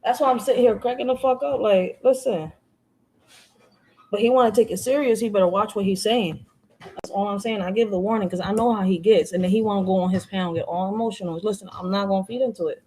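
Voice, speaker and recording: A woman's voice: mid-range voice, fast, mellow, a little hiss or hum. Blunt, profane woman from Philly. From Philadelphia. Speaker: live-stream panelist. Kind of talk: heated live-stream rant.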